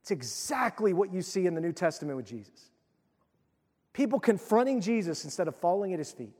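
A man's voice: high voice, very animated, fairly quick, a little mellow, big-room sound. A middle-aged male pastor preaching a sermon in a conversational, emphatic way.

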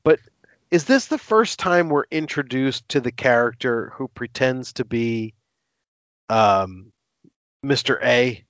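A man's voice: medium pitch, expressive, slow pace, fairly bright tone, no echo. Laid-back man co-hosting a film chat. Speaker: podcast co-host. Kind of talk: casual film podcast chat. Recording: dull dry lo-fi audio.

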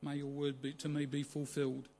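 A man quietly reading the humble words of a young woman, in a subdued voice. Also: fairly high pitch, monotone, a little fast.

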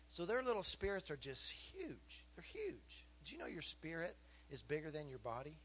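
A man in his fifties preaching a sermon to a congregation, animated and joking, asking the room questions. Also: fairly high pitch. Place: church hall with a congregation.

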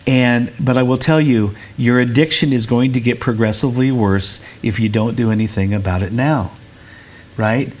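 Middle-aged pastor guest, earnest and preacherly, mid-pitched voice. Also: male voice, moderate pace, darkish tone. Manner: earnest, preacherly, repeats words when searching. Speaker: recovery center director and pastor. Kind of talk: interview guest.

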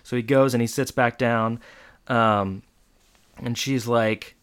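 A man's voice: mid-range voice, takes it slowly, smooth. A man in casual chat, recapping a TV episode and acting out the characters' lines, with some stammering. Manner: animated retelling, acts out quotes, stammers. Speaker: podcast co-host.

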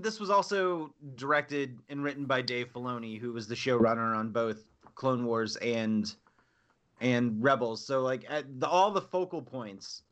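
A man's voice: mid-range voice, bright, forceful tone. A man co-hosting a casual podcast chat, telling stories and acting out what people said. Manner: storytelling, acting out quotes. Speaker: podcast co-host.

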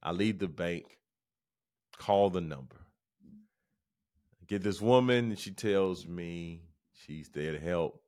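A middle-aged man hosting a podcast, telling a story in a casual, animated, exasperated way with many restarts. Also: low-pitched, takes it slowly, pauses often. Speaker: podcast host.

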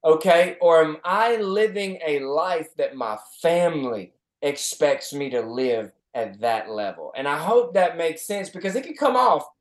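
A man's voice: fairly high pitch, lively intonation, unhurried. A male podcast co-host giving a motivational talk in an earnest, reflective way, often restarting his sentences. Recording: roomy echo.

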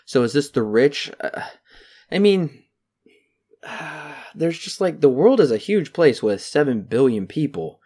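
Animated man reviewing a movie. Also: on the high side, measured pace. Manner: animated, mocking quotes in put-on voices. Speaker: podcast co-host. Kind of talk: casual movie review chat.

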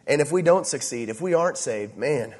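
A man's voice: medium pitch, lively intonation, fairly quick, a little mellow, in a large hall. A man preaching a sermon as pastor, emphatic and checking in with frequent asides to the congregation.

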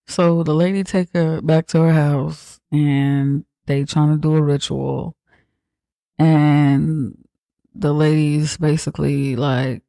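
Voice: mid-range voice, vocal fry, mellow, dry recording, studio quality. A podcast host giving a rambling, profane comedic recap of a horror film, full of fillers like "like" and "you know.".

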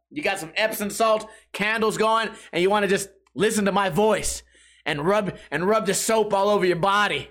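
A man's voice: high voice, pushed and bright. A man hosting his podcast, rambling casually and joking with a profane streak. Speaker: podcast host. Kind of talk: casual chat.

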